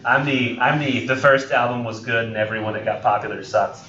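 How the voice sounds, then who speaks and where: A man's voice: mid-range voice, a little fast, pushed and bright, a little hiss or hum. Young male instructor, loose and joking, lots of ums, taped from across an echoey classroom. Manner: rambling, joking, many ums and self-corrections. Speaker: college English instructor. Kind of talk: classroom lecture. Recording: roomy, distant, dull lo-fi classroom recording.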